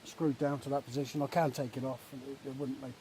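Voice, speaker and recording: A man talking casually in a relaxed, chatty way with many fillers, filming a vlog at a woodland camp outdoors. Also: mid-range voice, fast talker. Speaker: vlogger. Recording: outdoor recording with faint nature noise.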